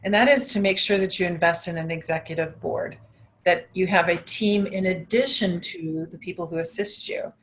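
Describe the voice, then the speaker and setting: A woman's voice: fairly low pitch, moderate pace, slight background noise. A woman dental practice consultant answering interview questions in an emphatic way, repeating her key points.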